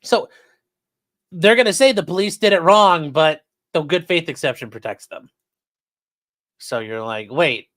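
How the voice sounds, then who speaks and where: A man's voice: fairly high pitch, a little slow, pauses often, a bit bright, dry recording. Sarcastic man talking to his chat. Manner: sarcastic, talks straight to chat, swears. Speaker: streamer discussing court cases. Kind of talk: casual livestream commentary.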